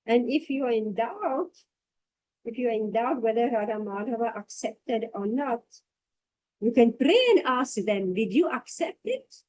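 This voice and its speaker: A woman with a fairly high but mellow, warm voice leads a scripture class. She reads passages aloud and then talks them through in a reflective way, circling back to repeat key phrases. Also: animated, a little slow, low-quality recording. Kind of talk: scripture reading and discussion.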